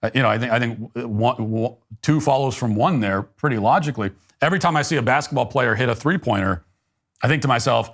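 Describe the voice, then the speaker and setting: A middle-aged man hosting a political talk show, delivering a sarcastic monologue in a deadpan, mock-earnest manner. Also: mid-range voice, fast talker.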